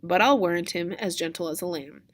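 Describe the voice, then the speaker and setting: A woman's voice: on the low side, fairly quick, lightly acted. A woman reading as a grumbling old nurse. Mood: teasing. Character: old nurse, tired, teasing and complaining. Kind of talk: reading a play aloud in class.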